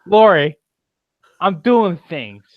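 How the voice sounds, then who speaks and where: A man's voice: high voice, expressive, slow, dry recording, pitched above the performer's own voice. An Australian man doing a mocking impression of a whiny American sheriff over a dull, lo-fi mic. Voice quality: mocking, exaggerated.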